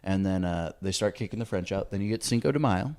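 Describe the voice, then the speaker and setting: A man's voice: low voice, fast talker, a little mellow. A man co-hosting a casual comedy podcast, rambling through a loose history recap with fillers and swearing. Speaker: podcast co-host.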